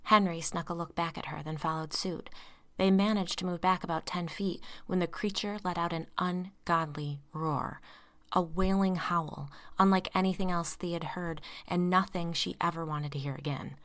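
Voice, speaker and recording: Low-voiced woman reading a story. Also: fairly even intonation, moderate pace. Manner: voices tense dialogue in hushed whispers. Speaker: audiobook narrator. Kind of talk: scripted narration.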